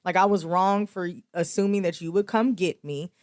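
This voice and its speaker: A woman's voice: normal speed, dry recording, clean studio sound. A young adult woman hosting a podcast, candidly telling a story in casual speech and acting out the quoted lines. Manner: animated, acts out quoted dialogue with big pitch jumps. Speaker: podcast host.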